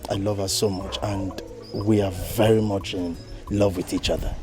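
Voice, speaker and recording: An actor with a Nigerian accent playing a humble, eager young suitor. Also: male voice, low-pitched, steady tone, moderate pace, over music, close to an everyday voice. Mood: grateful.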